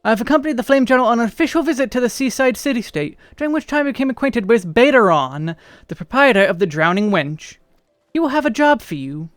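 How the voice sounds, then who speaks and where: A man's voice: very high voice, expressive, quick pace, fairly bright tone, no echo, clean studio sound, faint music behind, pitched above the performer's own voice. An American man voicing a fussy, posh British male court official in a put-on plummy accent. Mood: polite, formal.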